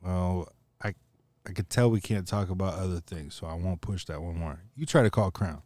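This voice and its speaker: A man's voice: low voice, moderate pace, darkish tone, no echo. A man hosting a casual podcast, blunt and teasing with frequent swearing. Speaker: podcast host.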